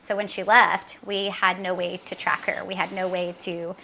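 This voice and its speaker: A middle-aged woman, a mother recounting her daughter's story in an interview, earnest and halting, with fillers and re-enacted dialogue. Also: fairly low pitch, level tone, pushed and bright, a little hiss or hum. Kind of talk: emotional personal account in an interview.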